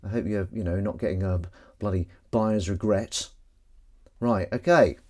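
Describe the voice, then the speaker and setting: A man's voice: fairly low pitch, a little slow, dark tone. A man live-streaming, chatting casually and rambling to himself and his viewers with self-mocking asides.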